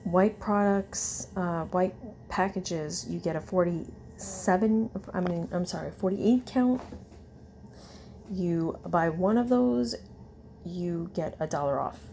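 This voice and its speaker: A woman in casual chat, reading a long list of coupons in a slow, tired way, with fillers and self-corrections. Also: on the low side, creaky, warm tone, a little hiss or hum. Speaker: vlogger.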